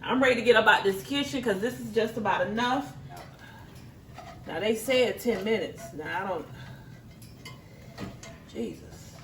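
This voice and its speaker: Chatty mom cooking in a sizzling kitchen. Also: female voice, on the high side, moderate pace, roomy sound, far from the mic. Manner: chatty, apologetic, laughs at her own mistakes. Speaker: home cook, mother. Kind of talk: casual cooking vlog. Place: home kitchen. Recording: voice a little off-mic, noisy kitchen. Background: sizzling frying pan and clicks.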